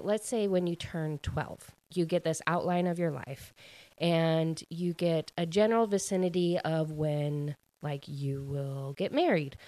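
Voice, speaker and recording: A young woman with a low voice talks casually about a book she read. She rambles, chatty and loose, filling gaps with small fillers. The sound is close and dry. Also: a little mellow, no room sound. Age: young adult. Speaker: book reviewer. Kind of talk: casual chat.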